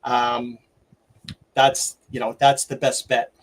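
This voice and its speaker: A middle-aged man, hosting a livestream and ranting excitedly, with lots of stumbles and restarts. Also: mid-range voice, slow. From Canada. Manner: excitable, rambling rant with many restarts. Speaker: livestream host. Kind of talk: opinionated livestream commentary.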